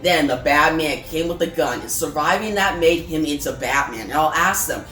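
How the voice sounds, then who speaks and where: A woman's voice: deep voice, moderate pace, a bit bright. A woman voicing a menacing male clown villain who taunts and gloats, recorded in a roomy space with faint music behind. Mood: gloating.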